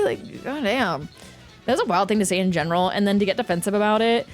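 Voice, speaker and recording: A woman's voice: medium pitch, brisk, soft background music. A woman in her thirties, a streamer, telling a story in casual chat with frequent swearing. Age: 30s. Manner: ranting, profane, animated storytelling.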